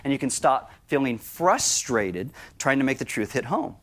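A man's voice: mid-range voice, sing-song, moderate pace. A man preaching a sermon in a conversational style, breaking into acted-out asides. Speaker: pastor.

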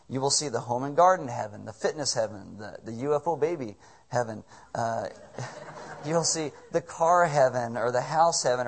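A man preaching a sermon as pastor, conversational and joking, firing off rhetorical questions. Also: mid-range voice.

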